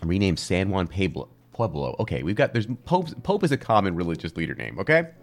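A man co-hosting a casual comedy history chat, animated and jokey, often slipping into silly voices. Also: deep voice, fairly quick, faint music behind. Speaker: podcast co-host.

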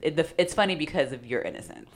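A woman guest on a podcast, chatting casually and agreeing warmly with the host. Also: sits low, expressive, fast. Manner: supportive listener, frequent agreement.

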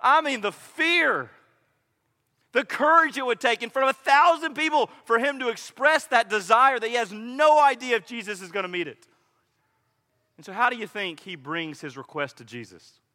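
Male preacher, high and sharp, dramatic sermon delivery, reverberant hall. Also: lively intonation, normal speed. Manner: dramatic, swings from loud to hushed, acts out quotes.

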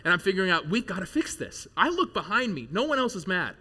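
A man in his thirties preaching a sermon to his congregation, telling a jokey personal story with animated bursts of loud excitement. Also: sits high, quick pace, husky. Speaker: pastor. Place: church service before a live congregation.

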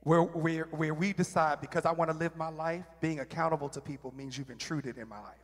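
A man sharing a candid, emotional personal testimony at church, with halting restarts. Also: on the high side, fairly even intonation. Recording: reverberant hall.

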